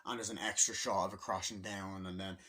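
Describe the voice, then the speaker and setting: A man's voice: low-pitched, steady tone, fairly quick, pushed and bright. A man casually retelling a movie's opening scene by scene in a rambling, profane vlog review.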